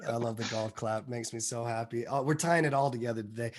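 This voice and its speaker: A man's voice: medium pitch, fast. A man hosting a casual trading chat show, upbeat and reading out viewer comments. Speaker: show host.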